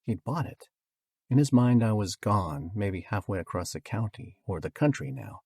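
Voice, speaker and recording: Male audiobook narrator, husky voice, dry studio sound, wry storytelling delivery. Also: lowish voice, lively intonation, normal speed, a little mellow, dry recording.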